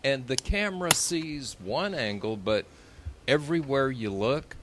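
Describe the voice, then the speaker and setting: Lively man over loud background noise. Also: mid-range voice, a little slow. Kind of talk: casual chat.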